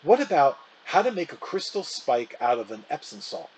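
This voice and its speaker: A reluctant schoolboy shrugs things off in an offhand, grumbling way, voiced by a man reading a storybook. His pitch swings widely as he talks. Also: sing-song, normal speed, a little mellow, slight background noise, poor audio. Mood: casual. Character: boy Jack, reluctant and offhand kid.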